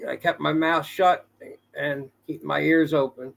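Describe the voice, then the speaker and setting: A man with a gravelly, rough-edged voice pitched a bit high joins a casual podcast chat as a guest. He tells his stories plainly and at a measured pace. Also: fairly even intonation. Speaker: guest, wrestling trainer.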